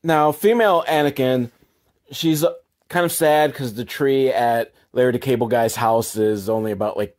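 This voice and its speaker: A man giving a crude, sarcastic comedic recap of a movie, swearing freely and jumping up in pitch for emphasis. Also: darkish tone. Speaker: movie commentator.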